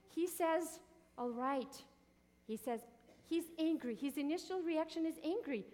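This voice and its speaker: A woman's voice: high-pitched, lively intonation, normal speed, a little mellow, long reverb tail. A woman teaching a Bible passage in a sermon, often asking the listeners questions and answering them herself.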